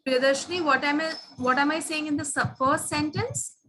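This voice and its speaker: A woman's voice: high voice, moderate pace, fairly bright tone, slight background noise, poor audio. A woman teaching grammar to students, patient and questioning, stressing key words.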